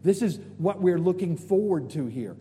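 A male preacher in a church, storytelling with energy and slangy asides. His voice sits a bit high and mellow, ringing with a long hall echo over a faint hum. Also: moderate pace. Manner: animated, storytelling, casual slang. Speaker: guest preacher. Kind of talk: sermon.

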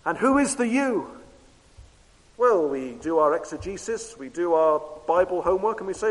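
A man preaching a sermon with emphatic repetition, moving between loud declarations and hushed low tones. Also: big pitch swings, normal speed. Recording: long hall reverb.

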